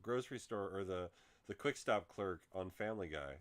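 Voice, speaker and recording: Low-voiced animated male podcast host. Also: normal speed. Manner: animated storyteller, swears casually. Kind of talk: casual chat.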